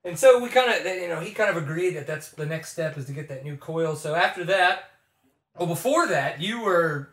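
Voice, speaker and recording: A man co-hosting a relaxed chat, his voice sitting a little high. He talks in a laid-back, rambling way, full of fillers. The room around him is echoey. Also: normal speed. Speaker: podcast co-host. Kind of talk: casual chat. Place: home garage.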